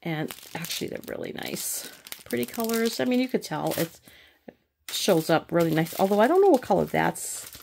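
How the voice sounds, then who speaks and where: A middle-aged woman with a slightly low voice talks through her unboxing in a tired, rambling way, stopping and restarting as she thinks aloud. A faint hiss sits under the recording, with packaging crinkling now and then. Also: expressive, fairly quick, creaky, darkish tone. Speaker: crafting channel host. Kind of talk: casual unboxing chat.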